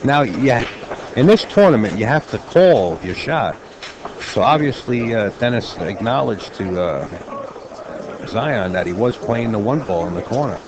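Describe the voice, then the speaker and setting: A man commentating a live pool match, calmly explaining shot options and cue ball position. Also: on the low side, unhurried, background noise.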